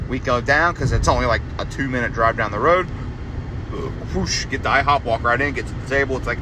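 A young man hosting a solo podcast, ranting in a profane, exasperated way and jumping into loud high outbursts. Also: animated, quick pace, noisy background. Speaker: podcast host.

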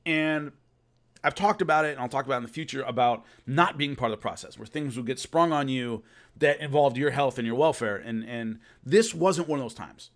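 A man's voice: medium pitch, a little fast. Chatty man telling a rambling story. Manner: rambling, many restarts, laughs at his own story. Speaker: host recalling filming a fight show. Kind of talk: casual storytelling monologue.

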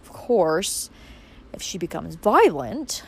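Woman reading: pompous old uncle, slow and ponderous. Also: lowish voice, very animated, gravelly, husky, full character voice. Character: pompous older uncle, male. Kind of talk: audiobook character reading.

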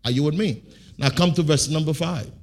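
A man preaching a sermon, throwing half-finished questions to the congregation and stressing key words with sudden loud, drawn-out bursts. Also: on the high side. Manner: call-and-response preaching, leaving blanks for the congregation. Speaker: pastor.

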